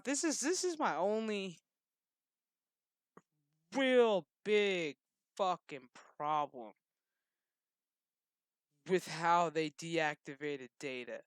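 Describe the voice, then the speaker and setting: A man hosting his own channel, ranting casually and profanely in a rambling, animated way. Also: high voice, clean tone, no echo, studio quality. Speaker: gaming channel host. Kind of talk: casual rant.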